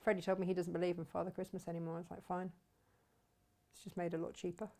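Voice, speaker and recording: A woman's voice: on the low side, flat delivery, fast talker, mellow. A middle-aged woman hosting a casual live fabric shop stream, chatting, reading out viewer comments and laughing often.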